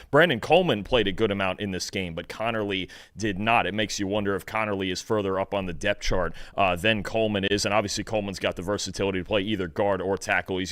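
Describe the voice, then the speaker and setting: Fast-talking man, dry close sound. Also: low-pitched, a bit bright, dry recording. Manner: fast, thinking aloud with restarts. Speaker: co-host, football analyst. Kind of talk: casual sports analysis chat.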